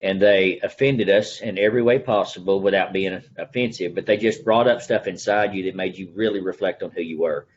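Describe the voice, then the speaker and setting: A man's voice: low voice, steady tone, fairly quick, few pauses, lo-fi sound, a little hiss or hum. A middle-aged man with an East Texas accent, a real estate agent telling his story in a casual interview. He talks in a folksy, earnest way and acts out the conversations he remembers.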